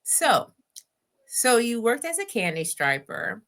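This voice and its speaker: A woman's voice: fairly high pitch, takes it slowly. A woman in her forties hosting a casual interview podcast and talking to her listeners directly. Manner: relaxed, speaks to listeners as "y'all". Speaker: podcast host.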